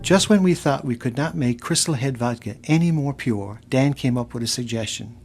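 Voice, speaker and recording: A man explains a production process in a plain corporate manner. His voice has a husky edge at a middle pitch. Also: normal speed, darkish tone, faint music behind. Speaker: liquor company spokesman.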